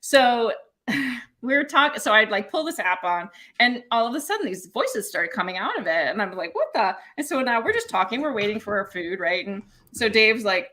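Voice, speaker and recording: A woman chatting on a casual show, with a somewhat high, bright and sharp voice. She tells her story in a lively, sing-song way, acting out what everyone said. Her delivery bubbles with amusement. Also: moderate pace. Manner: animated, laughing storyteller, acts out quotes. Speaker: podcast co-host.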